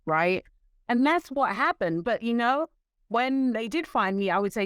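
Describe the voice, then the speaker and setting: Animated woman guest telling stories. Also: medium pitch, normal speed, smooth, no room sound. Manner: lively, acts out quoted voices, laughs. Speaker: interview guest. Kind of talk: storytelling in conversation.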